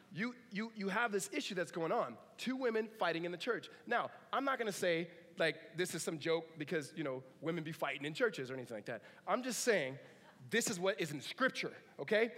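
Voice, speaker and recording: A man preaching a sermon in a relaxed, conversational way, with joking asides and animated retellings of stories. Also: high voice, big-room sound. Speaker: pastor.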